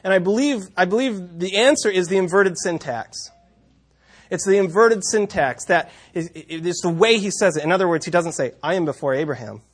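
A man's voice: sits high, expressive, moderate pace, breathy edge. A man teaching a Bible passage in a conversational way, reading verses aloud and stopping often to correct himself. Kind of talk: scripture teaching talk.

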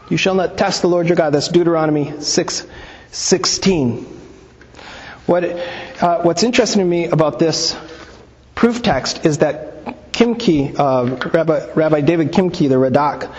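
A man's voice: a little high, a little slow, a little mellow. A man giving a conversational teaching on scripture and Talmud, retelling stories and asking rhetorical questions. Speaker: Bible teacher. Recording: long reverb, dull lo-fi sound.

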